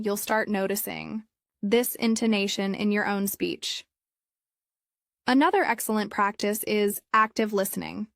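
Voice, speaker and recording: A woman narrating a scripted English listening lesson in a calm, measured, explanatory way. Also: medium pitch, dry recording, clean studio sound. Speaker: English teacher.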